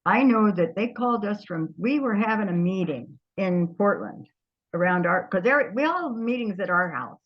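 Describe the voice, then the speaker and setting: An older woman, an interview guest, telling stories from her past in a lively way, often trailing off and starting over. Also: medium pitch, normal speed, lo-fi sound. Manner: lively storyteller, trails off and restarts. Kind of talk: storytelling reminiscence.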